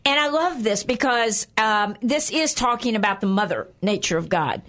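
Older female Bible-teaching co-host, slightly high voice, chatty, laughs. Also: lively intonation, moderate pace, a bit bright. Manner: chatty, laughing, with frequent okays. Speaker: co-host of a Christian program.

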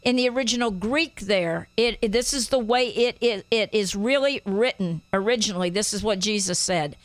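A woman hosting a Christian talk show, teaching scripture with an emphatic, drawn-out preaching cadence. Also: medium pitch, no room sound. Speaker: host.

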